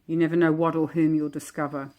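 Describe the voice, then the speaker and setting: Soft-spoken woman musing over cards. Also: deep voice, flat delivery, fast talker, muffled recording. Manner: gentle, reflective, chatty with soft laughs. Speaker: oracle deck creator. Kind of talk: casual walk-through of oracle cards.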